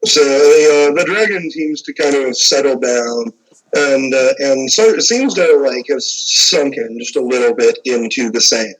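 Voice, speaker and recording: A man's voice: mid-range voice, measured pace, rough recording. A man narrating as game master, describing scenes in a rambling way full of fillers.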